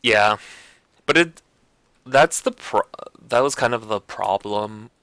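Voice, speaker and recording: Here a man streams games and chats casually, wandering along with restarts, many fillers, and frequent "like" and "you know." His pitch is fairly low, he takes it slowly, and his tone is fairly bright and clean. The recording has no room sound.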